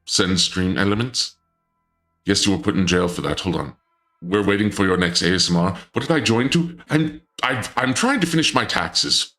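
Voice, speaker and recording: A man streaming casually in a dark lord persona, flustered and indignant, stammering and restarting often, with sudden high-pitched outbursts. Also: lively intonation, moderate pace, soft background music.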